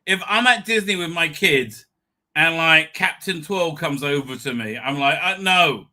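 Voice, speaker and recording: Ranting man, bright voice. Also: a little high, normal speed. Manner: ranting, profane, heated. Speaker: host. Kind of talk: livestream commentary.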